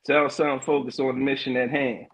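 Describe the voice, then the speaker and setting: A middle-aged man hosting a podcast livestream in casual chat, loose and hyped, with lots of slang, fillers and quick laughs. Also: mid-range voice, level tone, a bit bright. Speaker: podcast host.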